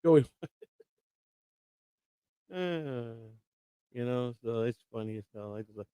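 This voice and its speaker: A man's voice: mid-range voice, takes it slowly, long pauses, warm tone, clear, resonant tone, no echo. A middle-aged man hosting a live stream, rambling and combative in casual chat. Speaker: livestream host.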